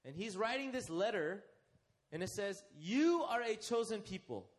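A young man preaching a sermon, asking his listeners questions and slowing down to stress key phrases. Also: high-pitched, very animated. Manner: interactive, asks the congregation questions and leads them.

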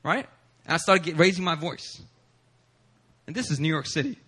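A man's voice: fairly high pitch, moderate pace, breathy edge. A male pastor from Philadelphia preaching a sermon in a church service, telling a personal story with humor and acting out quotes. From Philadelphia, USA. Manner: animated, humorous, acts out quotes.

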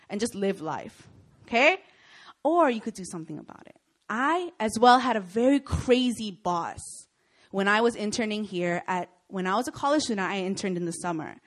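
A woman's voice: mid-range voice, moderate pace. A young woman giving a sermon to students, telling stories with lots of energy and often checking in with her listeners. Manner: animated storytelling, often checks in with "Okay?" and "Right?". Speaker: speaker at a Christian student gathering.

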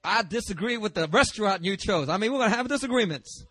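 Guy pastor preaching, kinda high voice, chatty and jokey about himself, dry close sound. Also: quick pace, no echo. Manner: lively and conversational, with asides and laughter; confrontational, self-deprecating humor. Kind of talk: sermon.

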